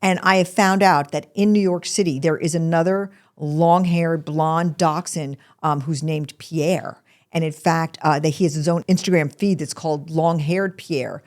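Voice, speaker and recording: A middle-aged woman hosts a podcast in a casual, conversational way. Her voice sits a little low, and she talks in an animated rush, often dropping one thought to start the next. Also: normal speed. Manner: animated and chatty, breaks off mid-sentence. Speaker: podcast host. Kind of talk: casual chat.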